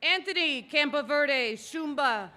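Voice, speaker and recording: A woman announcing graduates' names at an outdoor graduation ceremony, calling each one out slowly and loudly. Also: high voice, lively intonation, a little hiss or hum. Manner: slow, loud, deliberate name calling.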